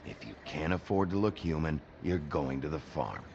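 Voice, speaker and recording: Bigby, a gravelly, stern wolf sheriff. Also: male voice, extremely low pitch, lively intonation, moderate pace, heavy background noise, exaggerated voice. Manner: blunt, stern. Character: gruff male wolf sheriff in human form. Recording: dull, lo-fi game audio with faint ambience.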